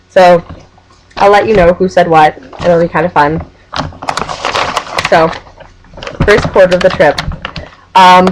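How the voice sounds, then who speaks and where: A young woman in her college years talks straight into her webcam, chatty and a little scattered as she recaps things for her team. Her voice sits on the lower side, and she drifts into giggles and restarts. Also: poor audio. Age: young adult. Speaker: Quidditch team captain. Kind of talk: casual webcam vlog.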